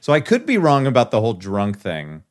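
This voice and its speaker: A man's voice: mid-range voice, wildly swooping pitch, fairly quick. A man co-hosting a casual podcast, reading a news article aloud and breaking off for wry asides. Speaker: podcast co-host.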